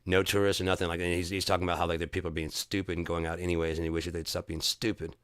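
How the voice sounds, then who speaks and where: A man with a low-pitched, forceful and crisp voice talks on his livestream. He rants with heat and curses freely, often doubling back and restarting his sentences. The sound is dry and close. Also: level tone, racing, dry recording. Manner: profane, heated ranting; rambling with restarts. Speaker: livestream host. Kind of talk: casual chat.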